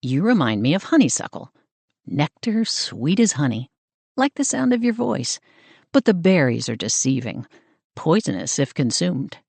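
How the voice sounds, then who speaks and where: Woman putting on a smirking young surfer guy, low voice, lively teasing lilt, dry audiobook sound. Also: moderate pace, vocal fry, breathy edge, dry recording, heavily acted. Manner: playful, smirking banter.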